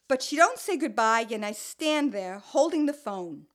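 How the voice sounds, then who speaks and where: Woman playing an old brooklyn mother, fretful, kvetching, wry asides, high voice, slow telling. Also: lively intonation. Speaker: narrator. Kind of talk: first-person dramatic storytelling.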